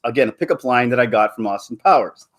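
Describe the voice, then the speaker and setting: A young adult man hosting a casual chat, telling stories with lots of loud silly impressions. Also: mid-range voice, quick pace. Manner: animated storyteller, jumps into loud silly impressions. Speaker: host.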